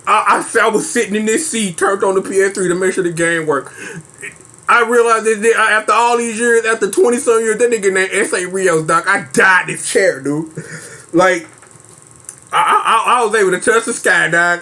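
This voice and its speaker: A man's voice: high-pitched, moderate pace, bright, forceful tone. A man hosting a casual rant, laughing hard while talking and using heavy slang, from a small room at home. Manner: heavy slang, repeats himself. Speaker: host.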